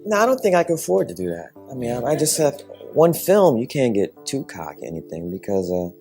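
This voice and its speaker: A man's voice: medium pitch, sing-song, quick pace, warm tone, soft background music. A man who is a filmmaker answers talk-show interview questions in a wry, amused way.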